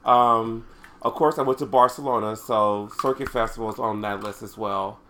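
A man's voice: fairly low pitch, steady tone, moderate pace, a bit bright, a little hiss or hum. A man co-hosting a casual chat, recounting a trip in a rambling way with many restarts. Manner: rambling, with frequent restarts and fillers. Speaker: podcast co-host.

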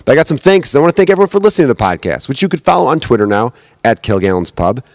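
A man's voice: medium pitch, big pitch swings, racing, no echo. A man hosting his own podcast as a comedian. He talks in loose, joking, profane bar-talk banter, recorded on a podcast microphone at home. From United States. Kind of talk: casual solo podcast chat.

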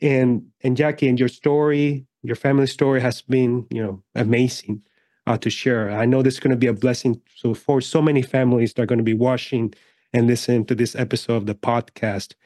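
Male podcast host with a mellow, close, dry voice who asks halting questions. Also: medium pitch, fairly even intonation, no echo. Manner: measured, halting questions with fillers. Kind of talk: interview questions.

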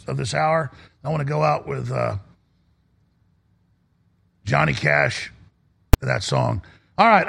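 Gravelly, ranting radio host man. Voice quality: gravelly, husky. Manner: intense, swings from low growl to high shouting. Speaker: radio talk show host. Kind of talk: ranting talk radio monologue.

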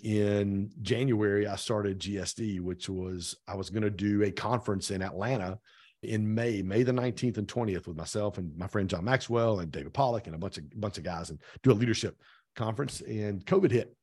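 A middle-aged man recounts a story in a relaxed interview, acting out each bit of quoted dialogue. His voice sits on the low side and sounds close and dry. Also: brisk, breathy edge, no room sound. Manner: animated storyteller who acts out quoted dialogue. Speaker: podcast guest, real estate team owner.

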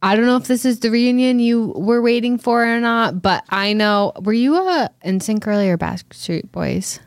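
A young woman co-hosting a podcast, chatting casually about pop-culture news with quick reactions. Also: on the high side, dry recording. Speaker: podcast co-host. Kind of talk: casual chat.

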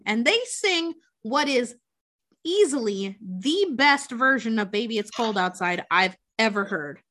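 A woman's voice: on the high side, expressive, measured pace, pushed and bright. A woman in casual chat, retelling a story with frequent swearing and acted-out quotes. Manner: chatty, swears freely, acts out quotes. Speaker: podcast co-host recapping a film.

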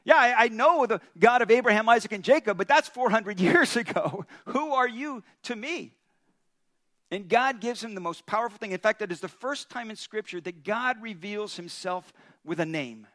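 A male pastor preaching a sermon, retelling a story in an animated way with chuckles. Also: high-pitched, moderate pace.

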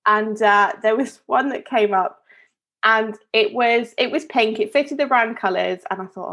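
A woman co-hosting a podcast tells a story in a chatty, rambling way, interrupting herself and laughing often. Her voice is fairly high, slightly bright and creaky, and her pace is measured.

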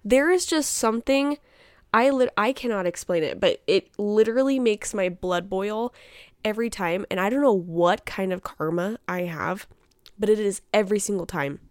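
A woman's voice: medium pitch, normal speed, clean tone, no room sound, clean studio sound. A woman hosting her own show, talking casually in a chatty, exasperated way and often laughing. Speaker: podcast host. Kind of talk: casual solo chat.

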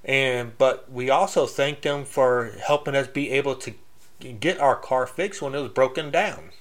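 A man talking about faith in a plain, unpolished way. He preaches bluntly and rambles, restarting his sentences and correcting his own grammar as he goes. His voice sits at an ordinary middle pitch for a man. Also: unhurried. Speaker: Christian speaker. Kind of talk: casual faith talk.

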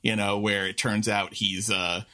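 Male podcast co-host, bright tone, loose rambling delivery full of asides. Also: on the low side, a little slow. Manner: rambling, restarts and filler-heavy, animated asides. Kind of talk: casual chat.

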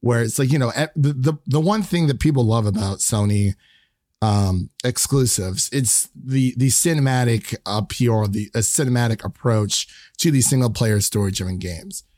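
A man co-hosting a laid-back movie review, halting and often restarting mid-thought. His voice sits at a middling pitch. The sound is dry and close, with no room echo. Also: a little mellow. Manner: hesitant, restarts often, laughs. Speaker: podcast co-host. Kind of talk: casual movie review chat.

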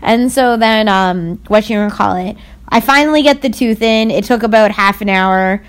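A young woman chatting casually as a podcast co-host, telling a story in an animated way and acting out what other people said. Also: medium pitch, normal speed, clear, resonant tone. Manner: animated storyteller who acts out others' lines. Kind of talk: casual chat.

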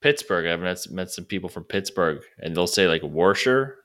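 Bright-voiced laid-back podcast guy. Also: sits low, fairly even intonation, brisk. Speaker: podcast co-host. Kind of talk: casual podcast chat.

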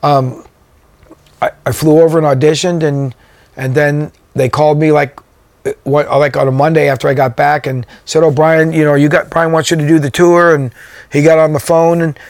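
Man, drummer guest, casual storytelling, rambling, filler-heavy, somewhat high pitch, dry close sound. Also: little pitch movement, moderate pace, no echo. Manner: rambling, many fillers and restarts.

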